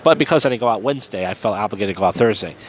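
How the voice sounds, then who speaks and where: A slightly tipsy man hosts his own podcast, rambling through crude stories crammed with fillers in a casual monologue. His lowish voice has lively intonation and he talks very fast, with a little hiss or hum in the recording. He also hosts an open mic.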